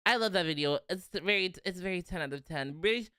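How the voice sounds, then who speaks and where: A man's voice: sits high, quick pace, sharp tone, smooth, no echo, studio quality. A young man streaming casually, rambling and giggling, with lots of "like" fillers. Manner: rambling, giggly, heavy use of "like". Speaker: vtuber streamer.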